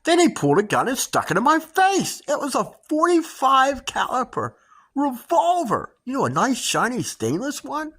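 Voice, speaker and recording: A middle-aged woman host telling dramatic personal stories to her viewers in a casual, animated way. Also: sits high, normal speed, husky. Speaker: homestead channel host.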